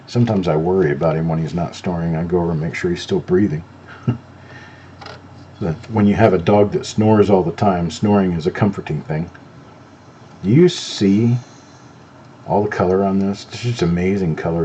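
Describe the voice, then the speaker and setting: A man's voice: low voice, warm tone, lo-fi sound, slight background noise. A middle-aged man hosting a live show, chatting in an easygoing way while he looks over items one by one. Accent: no southern accent. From not from North Carolina. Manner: easygoing, talks while examining coins. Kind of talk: casual live-stream chat.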